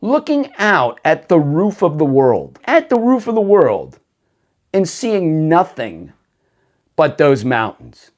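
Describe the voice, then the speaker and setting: Male host, casual storyteller, says "dude" a lot, pitch rises and falls freely. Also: huge pitch swings, slow pace. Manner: laid-back, full of "dude" and "like". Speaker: faith podcast host.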